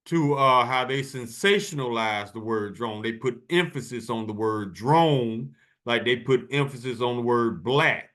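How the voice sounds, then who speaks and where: Man, channel host, preachy commentary, emphatic, colloquial, repeats key words, mid-pitched. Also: pushed and bright. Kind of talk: preachy commentary over video clips.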